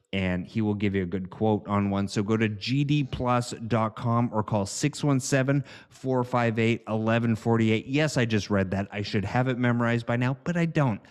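A man's voice: mid-range voice, moderate pace, a little mellow. A man hosting a podcast, reading sponsor spots in a loose, giggly, rambling way. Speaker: podcast host. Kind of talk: casual sponsor read.

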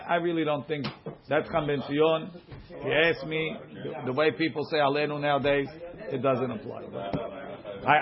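In a dull, lo-fi recording, a slightly high-voiced man leads a religious law class, racing through source text before explaining it to students in a casual way.

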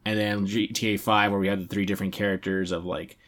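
A man co-hosting a casual chat about video games, rambling and animated, filling his talk with "like". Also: lowish voice, quick pace. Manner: rambling, heavy use of "like", animated. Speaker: podcast co-host.

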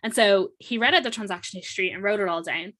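Bright-voiced young Irish woman telling a story. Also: mid-range voice, fast. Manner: chatty, animated retelling full of fillers and "like". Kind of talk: casual storytelling.

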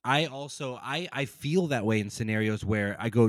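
A man's voice: medium pitch, normal speed, no room sound. A man co-hosting a film podcast, rambling casually and acting out quotes as he talks. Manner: rambling, animated, acts out quotes. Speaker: podcast co-host.

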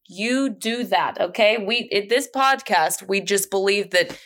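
A woman co-hosting a podcast in a mid-pitched voice. She talks emphatically and encouragingly in loose, casual chat. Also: unhurried, a bit bright. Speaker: podcast co-host.

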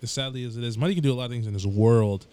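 A young man in casual podcast chat, animated and teasing, laughing often. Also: medium pitch, very fast, clean tone. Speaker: podcast co-host.

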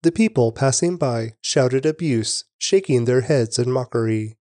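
Mellow-voiced man reading scripture. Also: mid-range voice, dry recording. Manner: measured, steady narration. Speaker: Bible reader.

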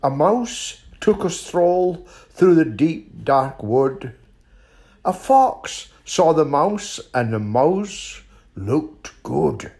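Slow Scottish grandpa reading a bedtime story. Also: male voice, a little high, lively intonation. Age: older. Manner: very slow, warm lilting storytelling.

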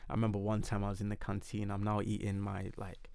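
A young man telling his story in a casual podcast chat, animated and emphatic. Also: lowish voice, a little fast, gravelly, no room sound. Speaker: podcast guest.

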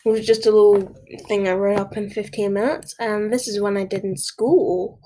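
A woman's voice: mid-range voice, steady tone, moderate pace, mellow, slight background noise. A woman hosting a podcast and reading her own short stories aloud in a casual way. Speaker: podcast host.

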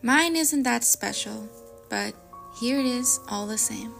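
A young woman hosts a podcast, reading creepy stories aloud with dramatic pacing and hushed turns. Her voice sits fairly high with a gravelly fry. Soft music plays faintly behind her. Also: unhurried. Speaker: podcast host.

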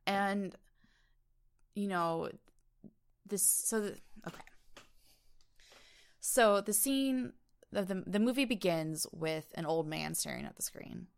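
A woman's voice: medium pitch, lively intonation, slow pace, vocal fry, pauses often, smooth. A woman co-hosting a casual film review podcast, animatedly retelling scenes in detail. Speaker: podcast co-host.

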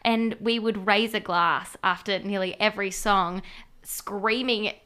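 A young Australian woman, a singer-songwriter guest, telling stories in a bubbly, animated way during a casual radio interview. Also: medium pitch, measured pace, smooth.

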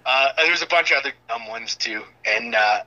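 A man's voice: mid-range voice, a little fast, pushed and bright, highs cut off. A man in his thirties, a wrestler guest, telling stories in loose casual chat with casual swearing.

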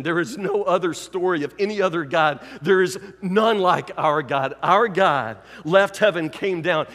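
High-voiced preaching man, hall reverb. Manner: emphatic preaching, repeating key phrases, swinging from loud to hushed. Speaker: pastor. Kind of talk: sermon.

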